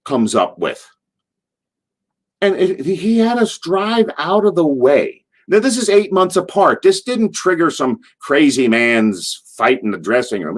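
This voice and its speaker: An older man, a former wrestler, telling a rambling story in an interview and acting out the people in it. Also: mid-range voice. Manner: rambling, acts out quotes in voices. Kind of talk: animated storytelling.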